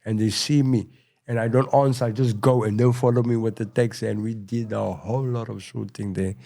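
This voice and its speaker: A middle-aged South African man telling his story in a casual interview, rambling and full of "you know," going quieter at tense moments. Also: on the low side, steady tone, brisk, creaky. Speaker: podcast guest.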